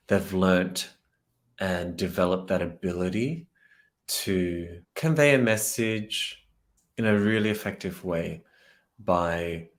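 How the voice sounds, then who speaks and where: A man working as a vocal coach, analyzing a singer's technique in a reaction commentary and getting excited as he demonstrates phrases. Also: low-pitched.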